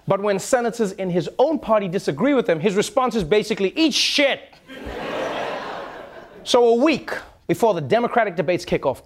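A man hosting a comedy news show, delivering a mocking satirical monologue. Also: high voice. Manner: mocking, puts on voices for jokes. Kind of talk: satirical late-night monologue.

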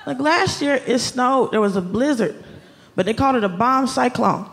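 A woman from Atlanta doing a stand-up comedy set, ranting in an animated, exasperated way with sudden outbursts. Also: a little high, normal speed, gravelly. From Atlanta, US South. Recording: live club with loud audience laughter.

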